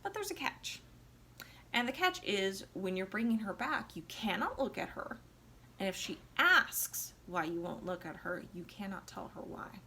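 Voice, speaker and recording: A woman's voice: medium pitch, big pitch swings, moderate pace, bright, forceful tone, slight background noise. Casting: breezy love-god messenger, perky and offhand, as a tipsy woman puts him on.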